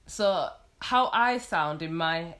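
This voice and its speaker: Low-voiced northern English woman, candid. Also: lively intonation, slow, fairly bright tone. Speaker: podcast co-host. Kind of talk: casual chat.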